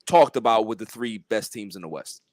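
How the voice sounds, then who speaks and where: A man in a casual sports chat, giving his takes in halting, restarting phrases. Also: on the low side, expressive, darkish tone, dry recording. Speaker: panel guest.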